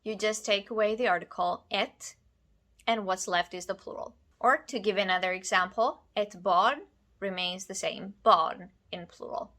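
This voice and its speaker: A woman teaching a language lesson, explaining grammar rules in a clear, deliberate way. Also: mid-range voice, steady tone, sharp tone. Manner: clear, deliberate, spelling out endings. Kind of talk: slow scripted lesson.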